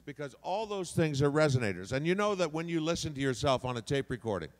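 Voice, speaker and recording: A man's voice: on the high side, lively intonation, quick pace. A man on a convention panel teaching voice acting, demonstrative and shifting his voice around as he explains. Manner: demonstrative, shifts voice placement freely. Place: convention hall. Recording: long hall reverb.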